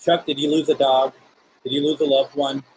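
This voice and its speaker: A man's voice: mid-range voice, level tone, a little fast, a little mellow, slightly rough, rough recording. A man hosting a live spirit box session, patiently and politely coaxing spirits to talk to him. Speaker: paranormal livestream host.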